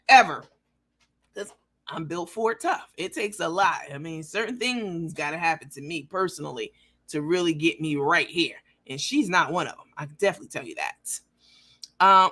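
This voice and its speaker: Woman livestreaming, reading comments, bright edgy voice, cussing and calling people out. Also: lowish voice. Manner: blunt, profane, mocking, emphatic.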